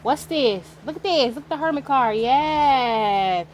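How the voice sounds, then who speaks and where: A woman's voice: high-pitched, expressive, unhurried, darkish tone, a little hiss or hum. A woman giving a casual spiritual tarot reading, talking straight to the viewer in an emphatic, slangy and profane way. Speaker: tarot reader.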